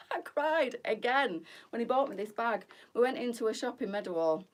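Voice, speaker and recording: A woman's voice: a little high, animated, moderate pace, recorded from a distance. A middle-aged woman, hosting a live boutique try-on with bubbly, gossipy chat and frequent laughter. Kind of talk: chatty live-stream fashion talk.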